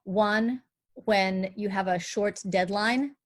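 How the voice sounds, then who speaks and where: A woman's voice: medium pitch, slow pace. Woman dialect coach explaining step by step. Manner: explains in clear steps, lively. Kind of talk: live online panel talk.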